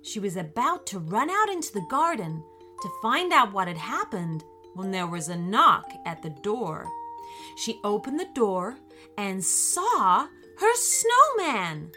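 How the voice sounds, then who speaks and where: A woman narrating a children's bedtime story in a soothing, expressive way. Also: mid-range voice, takes it slowly, faint music behind.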